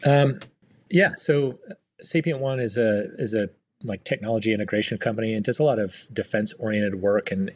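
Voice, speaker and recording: A middle-aged man, a retired Marine aviator, telling his story as a guest in a relaxed, rambling way with many fillers. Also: on the low side, slightly rough, dull audio. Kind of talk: casual storytelling interview.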